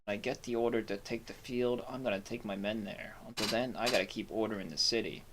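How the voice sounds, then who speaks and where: A man voicing a gruff, weary middle-aged male city sheriff in a fantasy game, reading the lines stiffly and stumbling over words. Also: fairly low pitch, steady tone, fast talker, noisy background, close to an everyday voice.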